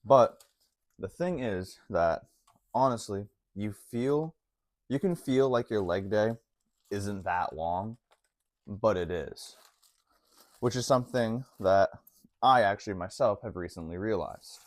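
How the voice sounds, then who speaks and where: Deep-voiced laid-back gym bro. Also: male voice, takes it slowly, long pauses, no echo. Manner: laid-back, slangy, full of "like" and "honestly". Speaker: fitness vlogger. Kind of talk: casual talk to camera.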